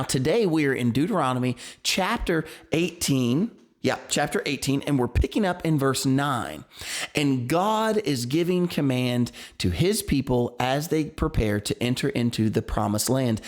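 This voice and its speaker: An earnest man with a light Southern US country accent, teaching scripture as a pastor. His voice sits in a middle pitch, and he presses his points with emphatic bursts. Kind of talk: bible study teaching.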